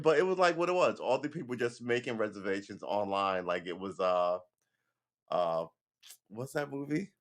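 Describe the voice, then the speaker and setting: A man with a fairly low voice talks casually on his own livestream. He rambles from one point to the next, swears freely and throws in sarcastic asides. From United States. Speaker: livestream host.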